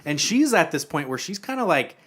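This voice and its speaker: A young man co-hosting a podcast, casually retelling a TV episode and acting out the characters' lines in quiet quoted voices. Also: a little high, sing-song, brisk. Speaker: podcast co-host.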